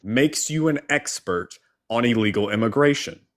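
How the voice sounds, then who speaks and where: Low-voiced male co-host, blunt and interrupting, pressing hard in debate. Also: expressive, fairly quick. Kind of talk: heated political debate.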